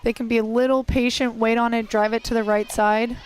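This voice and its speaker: A color commentator in a softball broadcast, breaking down the play and teasing the partner. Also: medium pitch, level tone, a little fast, clear, resonant tone. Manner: teasing, analytical. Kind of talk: sports commentary.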